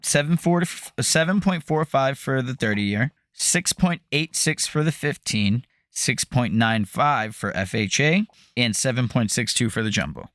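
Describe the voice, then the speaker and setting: A man's voice: mid-range voice, lively intonation, measured pace, fairly bright tone, no echo, studio quality. A man co-hosting a real estate market update in casual chat, loose and profane and often laughing.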